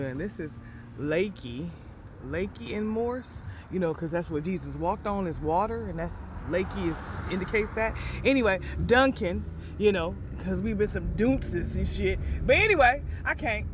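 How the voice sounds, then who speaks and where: A man's voice: sits high, background noise. A man from Michigan rambling and cracking puns in a casual monologue, often asking "you hear me?" and talking from a moving car. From Battle Creek, Michigan. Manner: punning, joking, keeps asking "you hear me?", bursts of laughter. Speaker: vlogger.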